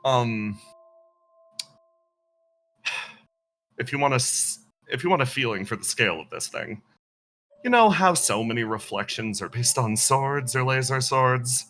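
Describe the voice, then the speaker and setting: A man's voice: medium pitch, animated, measured pace, long pauses, pushed and bright, soft background music. A man voicing a fussy, proud female AI partner spirit who rambles and apologizes in flustered asides.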